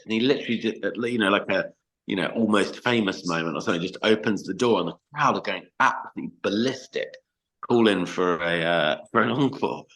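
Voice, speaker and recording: Male podcast guest, very low pitch, loose rambling storyteller who swears casually. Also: brisk, a bit bright, poor audio. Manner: chatty, swears freely, many fillers. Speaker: podcast guest, band frontman.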